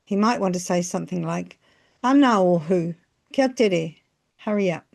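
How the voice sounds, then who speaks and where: A woman narrating a scripted language lesson, phrasing each example slowly and carefully. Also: lowish voice, creaky, darkish tone. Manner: slow, careful phrasing with pauses between examples. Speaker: language teacher.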